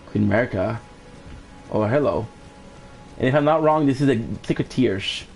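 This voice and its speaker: A man's voice: mid-range voice, animated, moderate pace, long pauses, soft background music. A man streaming a game live, musing casually and laughing to himself as he plays. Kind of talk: live gameplay commentary.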